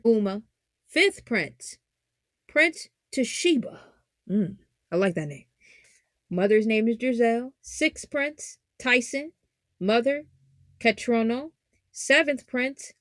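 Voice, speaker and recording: Animated joking woman podcast host. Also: no echo, studio quality. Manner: animated, joking, swings from loud exclamations to low asides. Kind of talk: casual anime analysis commentary.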